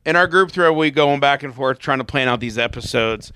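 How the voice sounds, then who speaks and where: A man's voice: mid-range voice, a little fast, bright, forceful tone, slight background noise. A man hosting a casual podcast who steers the talk with follow-up questions. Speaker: podcast host. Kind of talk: casual chat, asking questions.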